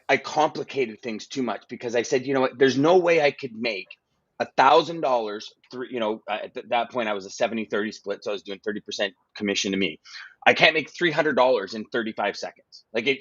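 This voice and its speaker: Animated man telling stories. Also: mid-range voice, dry recording, highs cut off. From Canada. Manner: animated storyteller, frequent restarts. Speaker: guest, freight broker. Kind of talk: casual podcast conversation.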